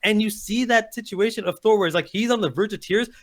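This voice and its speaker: Man, high-pitched, rapid-fire, heated profane rant, casual podcast debate. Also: a bit bright. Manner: impassioned, profane ranting. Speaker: podcast co-host.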